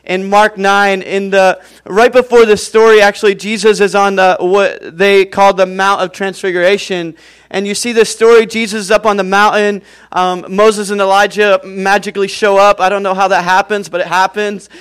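A man's voice: high voice, level tone, moderate pace, fairly bright tone, smooth. A young man preaching a sermon in a casual, chatty way, with many fillers, praying and reading scripture.

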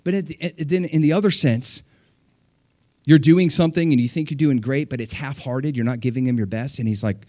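A middle-aged man preaching a sermon, talking loosely and acting out voices with sudden jumps in pitch. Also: fast, no room sound, clean studio sound. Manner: animated, acts out voices of people and God with sudden pitch jumps. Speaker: pastor.

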